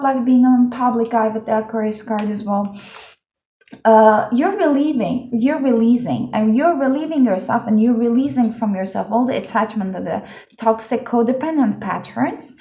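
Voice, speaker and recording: Woman doing a tarot reading, kinda high voice, chatty and excited, muffled lo-fi sound. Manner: chatty and enthusiastic, many fillers like "uh" and "like". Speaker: tarot card reader. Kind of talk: casual pick-a-card tarot reading. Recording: echoey room, dull lo-fi sound.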